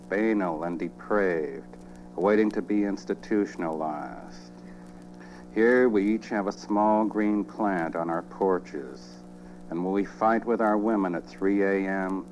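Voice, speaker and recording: A man reading spoken-word poetry in a dry, deadpan, measured way. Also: sits low, lo-fi sound, a little hiss or hum.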